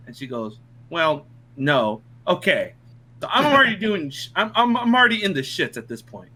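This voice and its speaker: A man's voice: fairly high pitch, big pitch swings, moderate pace, sharp tone. A young man casually telling funny stories to friends, laughing often and swearing freely. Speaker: podcast co-host. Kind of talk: casual storytelling among friends.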